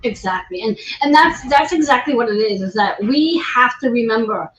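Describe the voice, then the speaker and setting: A woman's voice: a little high, expressive, moderate pace, a bit bright, a little hiss or hum. A woman hosting a livestream interview, chatty and encouraging, often repeating her words. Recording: roomy, dull lo-fi livestream audio.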